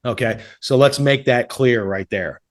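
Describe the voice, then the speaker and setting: A man's voice: mid-range voice, a little slow. A man co-hosting a casual talk show, making blunt, profane remarks and drawing out his words. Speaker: podcast co-host. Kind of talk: casual chat.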